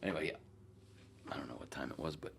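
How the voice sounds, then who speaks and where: Rambling fast in a creaky bass voice, a middle-aged man hosts a podcast solo, telling self-mocking stories, reading from a live chat, and dropping into whispers and laughs. There's a little hiss or hum.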